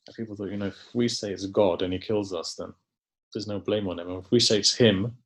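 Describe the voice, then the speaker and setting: A man with a fairly low voice preaches a sermon. He tells it as a story, in a conversational way, and often turns to the congregation with casual asides. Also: fairly even intonation, fairly quick. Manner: conversational, tells stories with frequent "you know" asides. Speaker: religious scholar giving a sermon.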